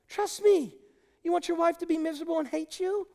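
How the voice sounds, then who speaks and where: A man's voice: extremely high pitch, huge pitch swings, fast talker, creaky, a little mellow. A middle-aged male pastor preaching an emphatic, impassioned sermon to his congregation. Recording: long hall reverb.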